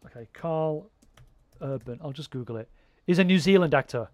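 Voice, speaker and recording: A man's voice: a little high, normal speed, no room sound. A man in casual chat, rambling and swearing freely as he talks.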